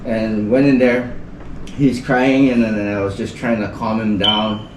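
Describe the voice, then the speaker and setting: Speaking in a lowish, level voice at a measured pace, a man from the Northern Mariana Islands tells a story as a guest in casual podcast chat. He rambles and fills his speech with "like." The recording sounds roomy from a distant mic, and the background is noisy.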